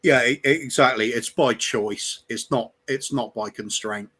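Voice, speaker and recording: Male co-host, fan livestream, measured opinions, mid-pitched voice. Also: fairly bright tone, breathy edge. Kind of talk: casual fan chat.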